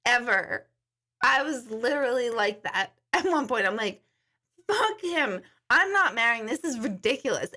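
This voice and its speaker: A woman's voice: high-pitched, a bit bright. A woman hosting a casual live chat with viewers, breaking into laughing fits, tired, apologizing and swearing as she tells a story. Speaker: livestream host.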